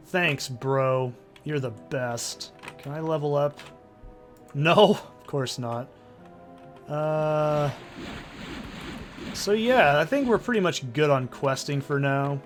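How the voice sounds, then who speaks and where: Excitable man narrating a game. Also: on the high side, slow, pauses often, faint music behind. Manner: excitable, swears freely. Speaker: let's play host. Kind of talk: casual gameplay commentary.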